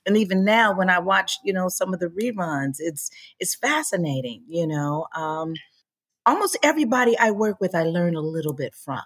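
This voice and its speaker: A woman actress talking casually in an interview, animated and acting out the voices she quotes. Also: on the low side, moderate pace. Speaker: actress guest.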